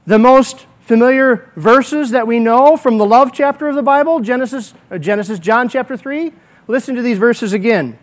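A male pastor delivering a sermon to a congregation. His voice sits notably high for a man. He is emphatic and slows down deliberately to drive his main points home. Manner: emphatic, slows down to stress key words.

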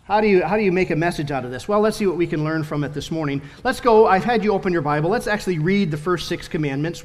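High-voiced pastor preaching in a reverberant hall. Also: male voice. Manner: earnest preaching with emphatic slowed phrases. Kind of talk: sermon. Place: church sanctuary.

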